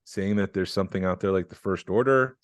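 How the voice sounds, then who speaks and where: A man hosting a podcast, chatting in a relaxed, rambling way with filler words. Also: sits low, fairly quick, no echo, clean studio sound. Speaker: podcast host. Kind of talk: casual chat.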